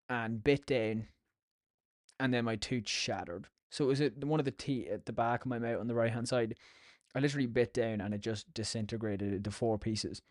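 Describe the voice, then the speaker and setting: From Ireland, this podcast host spins chatty, sweary stories that ramble along casually. His mid-range voice has a darkish tone, captured in a dry, clean studio recording.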